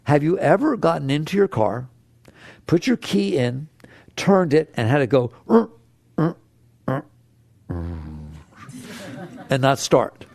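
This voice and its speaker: Male spiritual teacher, high gravelly voice, animated and playful, acts out inner voices. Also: normal speed, dry recording. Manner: animated and playful, swinging from low hushed tones to high excited exclamations. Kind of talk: spiritual talk to an audience.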